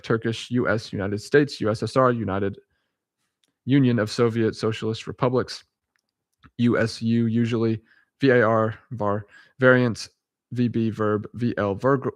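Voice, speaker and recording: Young guy reading out loud at home, chuckles a lot, fixes his own slips, dry no-echo sound. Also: medium pitch. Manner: halting, chuckling, self-correcting. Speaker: vlogger reading a dictionary aloud. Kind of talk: casual solo reading and chat.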